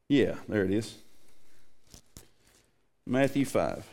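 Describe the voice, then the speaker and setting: A man preaching a sermon to his congregation in a folksy, animated way. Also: on the high side, normal speed, pauses often. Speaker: pastor.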